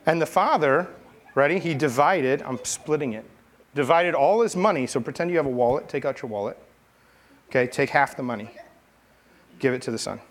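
A pastor leading a children's message tells a Bible story in a playful, chatty way while coaxing and directing kid volunteers. His mid-range voice is brisk, and he pauses often.

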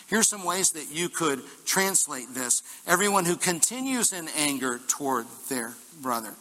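Lively preaching man in a reverberant hall. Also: a little high. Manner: lively, jokey preaching with congregation call-and-response. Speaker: pastor. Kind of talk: sermon. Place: church hall.

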